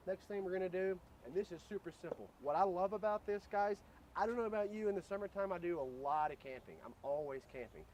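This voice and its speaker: A man's voice: high-pitched, fast talker, darkish tone, a little hiss or hum. A man hosting a casual cooking demo outdoors at a grill, joking around and talking to viewers as "guys.". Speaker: grill cooking show host.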